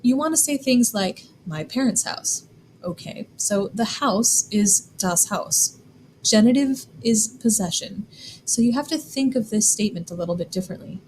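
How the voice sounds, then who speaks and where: A woman explaining German grammar in a clear, deliberate lesson, slowing down to spell out examples. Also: medium pitch, expressive, darkish tone, slight background noise, low-quality recording. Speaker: German teacher. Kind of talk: scripted classroom explanation.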